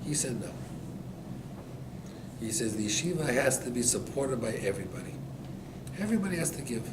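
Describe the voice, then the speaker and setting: A man, a rabbi, giving an animated storytelling Torah class to listeners. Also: mid-range voice, brisk. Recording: echoey room, distant mic, background noise.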